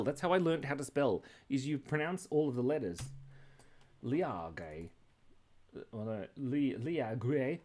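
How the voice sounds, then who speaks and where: Playful rambling man, lively pitch. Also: slight background noise. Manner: rambling, playful, jumps between random thoughts; often breaks off mid-word and restarts. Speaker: live-stream drawing host. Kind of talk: casual live-stream chat while drawing. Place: indoors at his computer.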